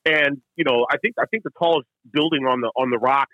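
A man co-hosting a casual hockey show, telling stories quickly with lots of stumbles and restarts. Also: medium pitch, no echo, highs cut off. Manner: rapid storytelling with frequent restarts. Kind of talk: casual sports chat.

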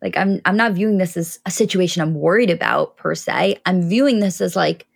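A woman's voice: fairly low pitch, a little fast, creaky, few pauses. A woman co-hosting a pop culture podcast, talking through her opinions at length in casual chat. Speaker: podcast co-host.

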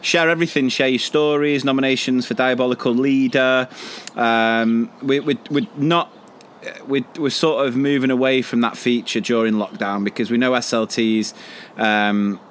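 A man's voice: mid-range voice, steady tone, normal speed, a little hiss or hum. A man co-hosting a podcast, telling a school story in casual chat, rambling with many fillers and frequent laughs. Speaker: podcast co-host.

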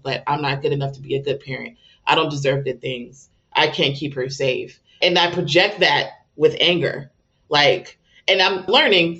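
A woman's voice: sits low, fairly bright tone, lo-fi sound. A woman speaking as a guest and parenting coach, candid and emotional, who acts out her own exasperated outbursts. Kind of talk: candid conversational interview.

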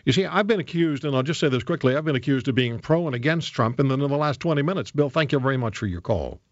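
A man hosting a call-in talk radio show, taking calls and reading listener emails aloud in a brisk, firm manner that pushes back on callers. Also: medium pitch, lively intonation, no echo. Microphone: studio microphone. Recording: dry, slightly dull studio sound.

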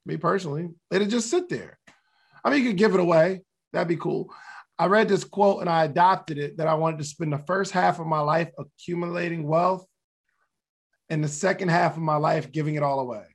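A man talks through motivational ideas in a relaxed, conversational podcast style, circling back to the same questions. His voice sits a little high and carries a gravelly, fry-edged texture. He sometimes chuckles at himself as he goes. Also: a little fast. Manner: conversational, laughs at himself, repeats key questions. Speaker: podcast host. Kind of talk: casual motivational talk.

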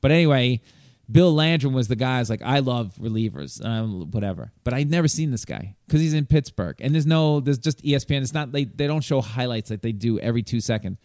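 A man telling a long story in casual chat, animated and rambling, with some swearing. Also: mid-range voice, brisk, dry recording, clean studio sound.

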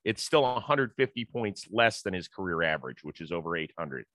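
A man's voice: low voice, sing-song, fairly quick, fairly bright tone, no echo. A middle-aged man hosting a sports talk show, chatting casually and citing stats. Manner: conversational, stat-citing, storytelling.

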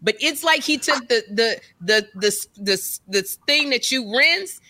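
Woman co-host, bright and a bit high, telling big animated stories. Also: measured pace. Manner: animated storytelling, exaggerating. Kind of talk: casual chat.

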